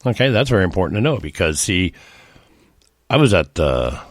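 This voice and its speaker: Low-voiced folksy American man. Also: big pitch swings, moderate pace, no room sound, clean studio sound. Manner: folksy and rambling, with many restarts. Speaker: podcast host. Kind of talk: casual storytelling monologue.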